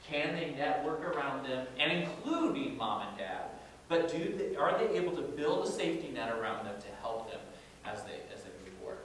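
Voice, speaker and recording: An earnest man speaks haltingly from far off across a large, echoing room. His talk is full of fillers and restarts, and a steady background noise runs under it. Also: a little high. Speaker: guest speaker. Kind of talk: talk with audience questions. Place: large echoey meeting room. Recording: echoey room from far off, noisy.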